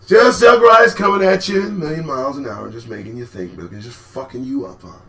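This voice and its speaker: A man's voice: brisk, hardly any pauses. Sarcastic, profane man hosting commentary. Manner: animated, sarcastic, swings from low mutters to shouts. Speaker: host.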